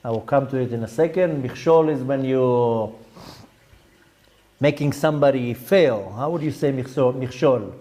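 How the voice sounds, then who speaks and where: A rabbi with a warm, medium-pitched voice gives a Torah lecture to a class at a measured pace. He explains step by step, using Hebrew terms and frequent asides.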